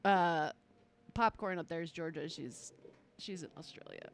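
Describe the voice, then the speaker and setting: A woman's voice: sits low, unhurried. A woman streaming a dating game with a friend, teasing and laughing often as she plays. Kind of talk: playing a dating game with a co-host.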